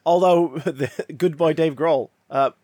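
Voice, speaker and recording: A man co-hosting a podcast, chatting casually with jokes, quick asides and bursts of laughter. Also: a little high, darkish tone, no echo. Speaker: podcast co-host. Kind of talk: casual chat.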